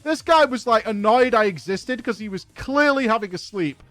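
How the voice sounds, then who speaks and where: Animated man, high, dry voice. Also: moderate pace, no room sound. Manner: animated, profane, exasperated storytelling. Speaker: gaming streamer. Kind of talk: casual anecdote on a live stream.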